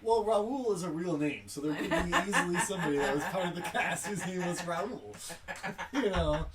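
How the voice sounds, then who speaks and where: A man's voice: sits high, normal speed, over a noisy crowd. A man co-hosting a podcast, talking in a dry, teasing, insistent way. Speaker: podcast co-host. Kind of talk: casual chat. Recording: distant mic with faint noise.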